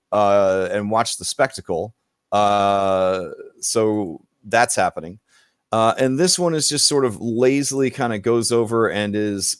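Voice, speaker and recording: A male game master narrating a tabletop game, loose and rambling, with plenty of fillers. He speaks slowly, and the recording is dry and close. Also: lowish voice, no echo. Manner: relaxed, rambling, with many fillers.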